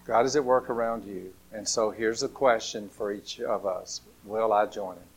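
A man preaching a storytelling sermon, swinging between loud bursts and hushed, near-whispered lines. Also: fairly low pitch, fairly even intonation, moderate pace, slightly rough.

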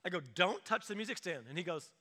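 A man preaching a sermon in a lively, conversational way, acting out stories from family life. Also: high voice, quick pace, a little hiss or hum. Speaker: pastor. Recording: echoey hall reverb.

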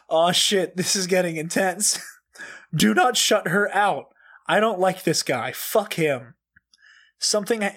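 A high-pitched comedic reader gives a dramatic reading, drawing out his words slowly with theatrical outrage. Profane and over the top, he swears freely and laughs often, his desk mic pushed back and turned down.

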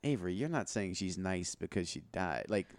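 A man's voice: deep voice, animated, moderate pace, dry recording. A man co-hosting a casual podcast, joking with dry quips and laughing often. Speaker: podcast co-host. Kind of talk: casual chat. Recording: loud background noise.

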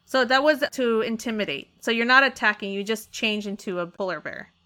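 A woman narrating as dungeon master in an upbeat, quick manner, explaining rules as she goes. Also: fairly high pitch, pushed and bright. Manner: upbeat, quick, laughs often. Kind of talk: narrating and explaining a tabletop game.

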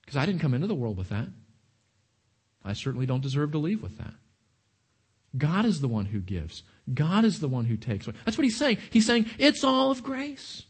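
A man preaching a sermon to a congregation, animated, often repeating and restarting his words. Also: medium pitch, a little fast, long pauses, slightly rough. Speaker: pastor.

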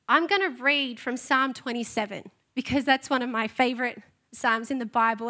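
Earnest high-voiced woman pastor. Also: fairly bright tone. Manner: earnest, heartfelt. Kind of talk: testimony sermon. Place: church stage.

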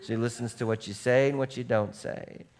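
A man preaching a sermon as pastor, animated, going from soft asides to shouts and acting out what people say. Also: medium pitch, normal speed. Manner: animated, swings between soft and shouting, acts out quotes.

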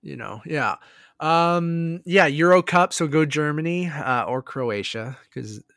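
A man's voice: fairly high pitch, lively intonation, slow pace, a bit bright, dry recording, clean studio sound. A man in his thirties with a Canadian accent, co-hosting a casual podcast and rambling with many fillers and restarts. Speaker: podcast co-host. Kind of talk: casual chat.

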